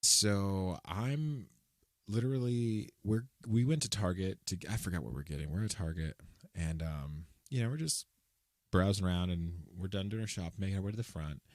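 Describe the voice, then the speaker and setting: Young male podcast co-host, low pitch, dry close recording, animated storyteller. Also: normal speed, no echo. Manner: animated storyteller, lively retelling. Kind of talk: casual chat.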